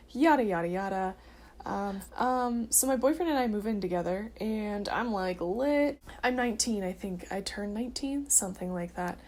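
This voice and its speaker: A woman's voice: medium pitch, a little mellow. A woman in her early twenties telling her personal story in a casual, earnest way, with frequent filler words. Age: early 20s. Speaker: vlogger sharing her testimony.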